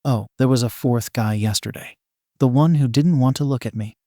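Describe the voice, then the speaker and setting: A jittery young woman thinks aloud in a hesitant, rambling way, read out by a man in his everyday voice. The voice sits at a medium pitch and sounds dry and close. It is a storybook reading. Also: normal speed, warm tone, dry recording, lightly acted. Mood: musing. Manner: hesitant, rambling inner thoughts. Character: nervous, awkward young woman, overthinking.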